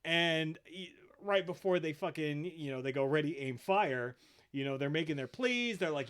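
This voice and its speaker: A man's voice: on the high side, lively intonation, normal speed, fairly bright tone, clear, resonant tone. A man hosting a podcast, retelling episodes casually with lots of swearing and quoted voices. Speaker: podcast host. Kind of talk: casual chat.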